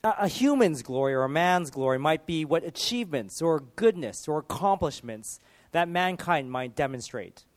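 A man preaching a sermon, building through emphatic rhetorical questions and dropping to quieter moments. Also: a little high, lively intonation, normal speed.

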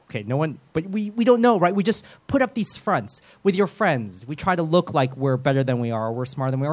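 A man preaching a sermon in a lively, conversational way, with self-deprecating humor and quick role-played voices. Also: a little high. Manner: animated, acts out voices of biblical figures.

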